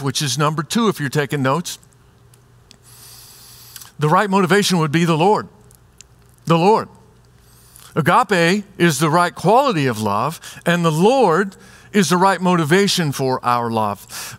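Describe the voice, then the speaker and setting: A male pastor preaching in a relaxed, conversational way, sounding like he is talking straight to the room. His voice sits fairly high for a man. He often acts out little scenes to make his point. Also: dry recording. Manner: conversational, animated, acts out examples. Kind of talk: sermon.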